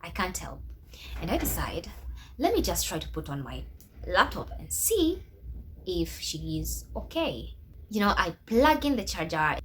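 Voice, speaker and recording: Animated young woman vlogger. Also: on the low side, slight background noise. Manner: animated and emphatic, with religious exclamations. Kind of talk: casual storytelling to camera.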